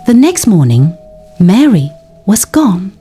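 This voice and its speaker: A woman narrating a dark folktale in a dramatic, deliberate storytelling manner. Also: mid-range voice, very animated, husky, faint music behind.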